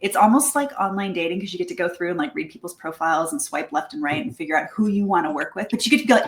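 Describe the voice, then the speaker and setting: A woman giving a casual presentation to a networking group about her language school, lively and chatty, acting out little quoted exchanges. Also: mid-range voice, fast, few pauses. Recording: echoey room.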